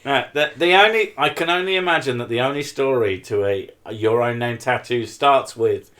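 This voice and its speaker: A man's voice: mid-range voice, moderate pace, a bit bright. Dry joking British man, sweary. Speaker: podcast co-host. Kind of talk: casual chat.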